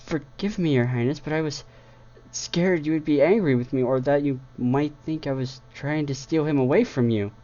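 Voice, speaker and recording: A man's voice: a little high, normal speed, mellow, voice pushed up, natural voice. A man voicing a nervous, apologetic young mare, recorded on a dull lo-fi setup. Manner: timid and apologetic.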